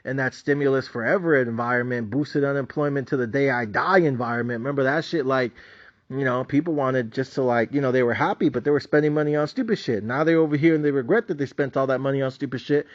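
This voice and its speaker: A boastful man in his middle years rants off the cuff, swearing nearly every line and scoffing at the people around him. His voice sits at an ordinary pitch for a man. The audio is muffled and lo-fi. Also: fast talker. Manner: boastful, swears constantly, laughs at others mockingly. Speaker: stock market trader and channel host. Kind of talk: profane unscripted rant. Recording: dull lo-fi audio.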